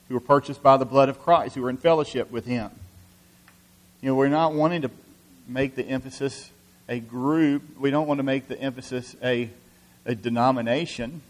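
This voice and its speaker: Male preacher, sermon delivery, earnest and halting, average pitch. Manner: earnest, many restarts and "you know" fillers.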